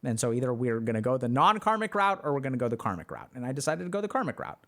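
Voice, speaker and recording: A man's voice: mid-range voice, sing-song, very fast. A man on a livestream, answering chat questions in a loose, chatty way full of fillers. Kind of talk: casual livestream talk.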